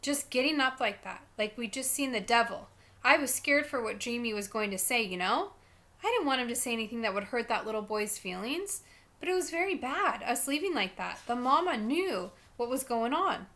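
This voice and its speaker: A woman's voice: a little high, lively intonation, moderate pace, sharp tone. A woman voicing a stern, devout grown woman babysitter who scolds firmly and calls on the Lord. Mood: earnest. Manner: scolding, firm and churchy.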